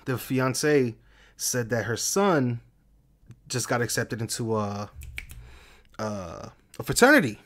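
A man co-hosting a podcast, telling stories and dad jokes in a casual, animated way, laughing often and swearing freely. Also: medium pitch, slow pace, long pauses. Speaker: podcast co-host.

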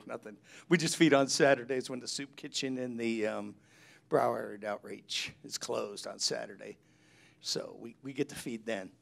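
Gravelly middle-aged preacher guy, chatty stories with voices. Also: a little high, fairly bright tone. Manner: chatty storytelling, acts out quotes. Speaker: pastor. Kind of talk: sermon.

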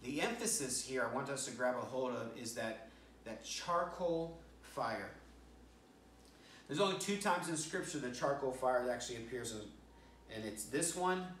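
A man's voice: mid-range voice, a bit bright, slight background noise. A male pastor preaching a sermon, telling a story and acting out quoted lines with restarts. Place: church sanctuary. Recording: roomy church sound from a distant mic.

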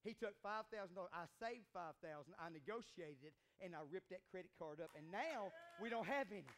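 Man, pastor, church sermon, swooping lively pitch, joking and shouting. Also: fairly quick. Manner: animated, shouting and joking with the congregation. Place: church sanctuary.

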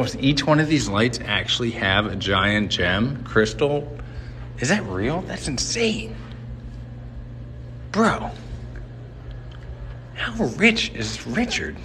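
A man's voice: medium pitch, very animated, slow pace, long pauses, background noise. A man rambling and joking to his viewers as he walks through a large hotel on a live stream, filmed on a handheld phone. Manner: chatty, rambling, jokey, talking to viewers. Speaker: livestreamer exploring a hotel. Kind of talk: live-stream walking commentary.

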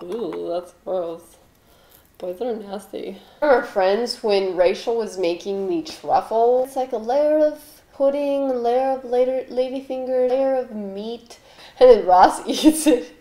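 A woman's voice: fairly high pitch, moderate pace, dark tone. A young woman doing a rambling, offbeat comedy monologue with jokey asides while she bakes in her home kitchen. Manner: offbeat, jokey asides, mock voices for quoted people. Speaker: comedic baking host. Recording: echoey kitchen with faint noise.

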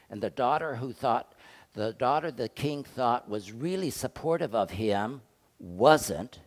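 Speaking on the low side, an older man preaches his sermon in a conversational way, alternating loud and soft passages and asking his congregation rhetorical questions.

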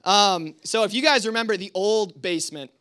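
A young man tells stories to a youth group in a loose, rambling style, full of "like" and "um". His voice sits high and sounds bright and sharp. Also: moderate pace, smooth. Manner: casual, rambling, full of fillers. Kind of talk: storytelling talk to a youth group.

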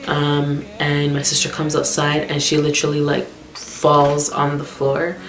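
A young woman telling a personal story for her vlog in a candid, raw way and swearing bluntly. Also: deep voice. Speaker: vlogger. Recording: roomy echo with background music.

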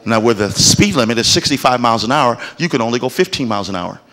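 A man preaching in a church with an everyday, middle-of-the-road pitch. He builds his points with emphasis and often breaks into loud exclamations. He slips into the voices of the characters he describes. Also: lively intonation, fast. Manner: emphatic, rising to shouts and exclamations; acts out quoted voices of God and churchgoers. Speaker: pastor. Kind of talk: sermon.

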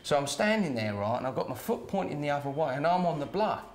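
A man's voice: fairly high pitch, big pitch swings, fast, very noisy. A middle-aged man from Kent, chatting as a former doorman who tells anecdotes and adds "right?" tags and chuckles. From Kent, England. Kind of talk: casual anecdote telling.

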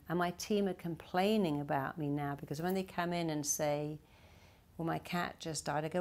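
A woman's voice: sits low, fairly even intonation, normal speed, darkish tone. An older woman giving a direct-to-camera self-help talk, acting out quoted voices in short bursts. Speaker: therapist and self-help speaker.

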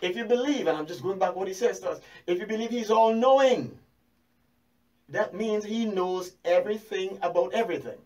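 A man with a high voice preaches a sermon, firing rhetorical questions at his listeners and repeating key phrases to drive them home. His delivery is animated. The mic sits some way off, so he sounds distant.

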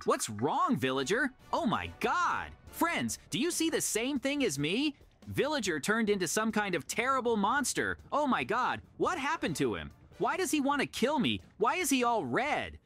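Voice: mid-range voice, fairly bright tone. A performer voicing a young cartoon hero who talks to viewers and exclaims dramatically. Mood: alarmed. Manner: dramatic narration, exclaims often. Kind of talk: cartoon voice acting.

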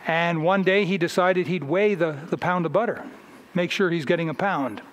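High-voiced preacher telling folksy stories. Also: male voice, normal speed. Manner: folksy storytelling with anecdotes. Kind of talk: sermon.

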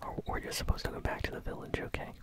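An ASMR gaming host whispering casual, easily amused gameplay commentary while chewing bubblegum. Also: rapid-fire.

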